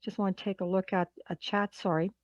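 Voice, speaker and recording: A woman's voice: mid-range voice, little pitch movement, a little fast, no room sound, muffled recording. Woman presenting a workshop over a call. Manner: conversational, poses questions to the audience, repeats key words. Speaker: workshop presenter in human resources. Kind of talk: online workshop talk.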